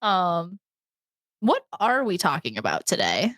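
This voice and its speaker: A young podcast host talking casually in a bubbly, giggly way. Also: female voice, on the low side, huge pitch swings, a little slow, fairly bright tone, no room sound, clean studio sound. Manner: bubbly, laughs often.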